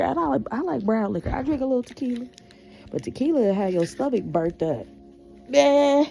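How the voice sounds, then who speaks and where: A woman's voice: fairly high pitch, animated, moderate pace, vocal fry, warm tone, faint music behind. A woman in her thirties talking bluntly to camera in a candid personal monologue, emphatic and full of profanity. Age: 30s. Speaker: vlogger.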